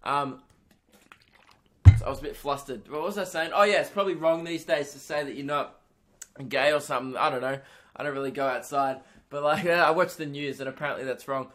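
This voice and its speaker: Brief: young male comedian, solo podcast monologue, rambling, swears a lot, slightly high-pitched. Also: a little fast. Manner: rambling, animated storytelling with frequent swearing and filler words.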